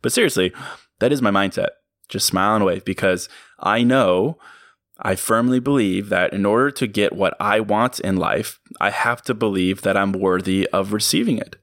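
A man's voice: on the low side, normal speed, a bit bright, no room sound, clean studio sound. A man hosting a podcast, giving an earnest, reflective motivational monologue and chuckling at himself now and then. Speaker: podcast host.

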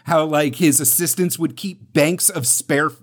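A man's voice: on the high side, unhurried. A man co-hosting a casual chat podcast, rambling and self-deprecating with many fillers. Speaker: podcast co-host.

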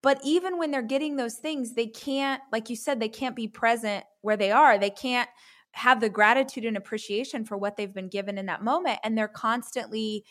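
Woman podcast host, reflective, speaks softly; dry, close recording. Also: fairly high pitch, normal speed, no room sound. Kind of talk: casual interview chat.

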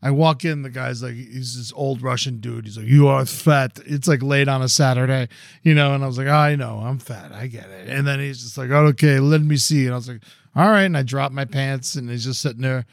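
A man's voice: medium pitch, fairly quick, creaky, no echo, studio quality. A man co-hosting a casual chat, telling a long story with lots of swearing and acting out quotes in a raised voice. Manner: animated, profane, acts out quotes in raised voice. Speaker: podcast co-host.

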